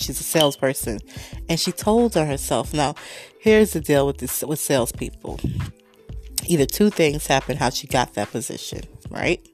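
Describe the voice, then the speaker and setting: Woman host, low voice, animated and sarcastic storyteller who swears freely. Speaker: podcast host. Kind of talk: casual storytelling rant. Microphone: desk microphone.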